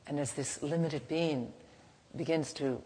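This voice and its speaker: A woman teaching in a gentle, unhurried, halting way, softly chanting at times, in a reverberant hall. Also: sits low, steady tone. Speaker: spiritual teacher. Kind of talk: devotional teaching talk. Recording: reverberant hall, faint background noise.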